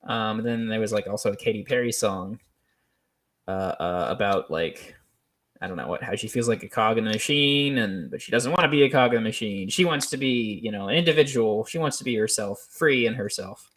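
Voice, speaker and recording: A man's voice: on the low side, lively intonation, brisk, a bit bright. Rambling, hesitant man. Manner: rambling, hesitant, many ums and restarts, laughs often. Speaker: podcast host. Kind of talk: unscripted solo commentary.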